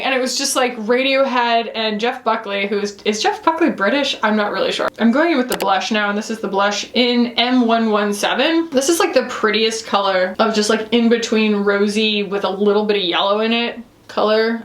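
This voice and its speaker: A woman in her thirties talks through a makeup test in a loose, rambling way, full of fillers. Her voice sits a little high. The room gives it a noticeable echo. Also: fairly bright tone. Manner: chatty, rambling, frequent "you know" and "like". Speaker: beauty reviewer. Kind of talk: casual makeup review vlog. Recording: echoey room.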